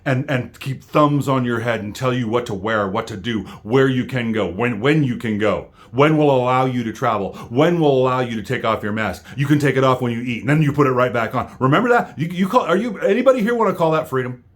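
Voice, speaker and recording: A man's voice: mid-range voice, animated, fairly quick, few pauses. An American man delivering an angry political rant straight to his viewers, heated and full of stammering restarts. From United States. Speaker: vlogger.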